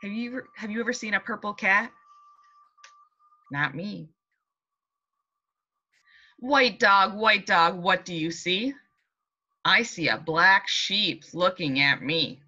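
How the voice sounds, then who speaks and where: A woman with a medium-pitched voice, recorded with the highs cut off, reads a picture book and leads a class meeting for young children. She's a teacher with a sing-song delivery, warm and encouraging, speaking slowly and clearly to the little ones.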